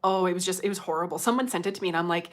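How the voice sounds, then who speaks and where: A woman's voice: fairly low pitch, racing. A middle-aged woman chatting casually on a livestream, laughing often and reading out viewer comments. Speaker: livestream host.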